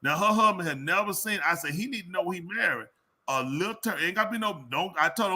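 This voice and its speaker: A man's voice: sits high, animated, fast. A man hosting a live call-in show, joking and teasing, a bit congested. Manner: joking, teasing, loud playful outbursts. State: congested sinuses. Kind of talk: casual live call-in banter.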